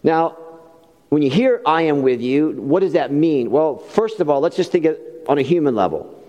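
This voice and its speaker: A middle-aged pastor preaches a sermon, telling a funny story about himself and laughing at his own mishaps. His voice is on the high side, animated and mellow, at a moderate pace, and the recording has long hall reverb.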